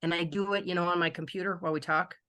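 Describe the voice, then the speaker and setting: A woman, a writing student, reading her own story aloud in a steady storytelling manner over a video call. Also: lowish voice, racing.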